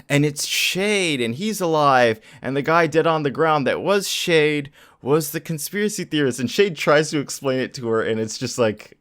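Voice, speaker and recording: A man's voice: a little high, lively intonation, normal speed, fairly bright tone. A man co-hosting a casual comic-book review podcast, animatedly retelling plot points and laughing often. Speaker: podcast co-host.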